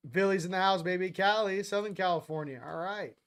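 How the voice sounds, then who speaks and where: A man's voice: high-pitched, a little fast, few pauses, clear, resonant tone. Upbeat man hosting a live stream. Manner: upbeat, reading out viewer shout-outs; loose and rambling, with fillers. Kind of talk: casual live-stream chat.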